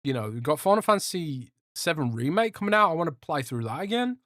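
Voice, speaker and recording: A man's voice: a little high, big pitch swings, fast talker, fairly bright tone, no room sound, studio quality. A young man hosting a casual livestream podcast, joking and rambling as he reads out chat. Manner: rambling, joking, swears a lot, trails off. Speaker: podcast host reading live chat.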